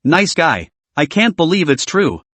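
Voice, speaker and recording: Brief: male narrator as an excitable girl gamer, lively and a bit high. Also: unhurried, slightly rough, dry recording, exaggerated voice. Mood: excited. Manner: excited disbelief, chatty teasing. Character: teasing young woman gamer, excitable and nosy.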